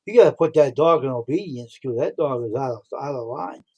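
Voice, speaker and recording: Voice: medium pitch, animated, fairly quick, darkish tone, breathy edge, dull audio. A companion joining a live stream chat with blunt, offhand remarks.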